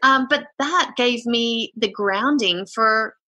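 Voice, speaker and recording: A woman's voice: a little high, slow pace, sharp tone. A woman, a podcast guest talking frankly and with energy in a casual interview.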